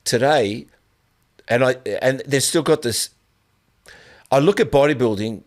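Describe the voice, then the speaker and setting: A male podcast host, voice in a middle pitch. He talks in long, rambling turns, restarting sentences and pushing his own opinions. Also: unhurried. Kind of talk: casual conversational interview.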